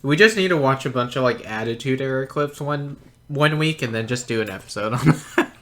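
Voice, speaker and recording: Give me an easygoing mid-pitched man chuckling through casual podcast chat. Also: a little fast, crowd noise. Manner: easygoing, chuckles a lot, eggs on his co-host. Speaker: podcast co-host.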